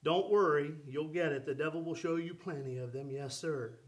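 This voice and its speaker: A man with a fairly high voice preaching with fervent energy. He calls out questions and affirmations to his congregation as he drives his sermon along. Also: normal speed, few pauses.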